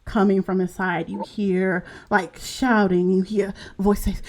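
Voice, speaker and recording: A woman running a tabletop game, narrating at an unhurried crawl, often pausing and restarting as she hunts for words. Her voice sits at a middling pitch. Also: little pitch movement, darkish tone, slight background noise. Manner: slow, halting narration with many fillers and restarts. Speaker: game master.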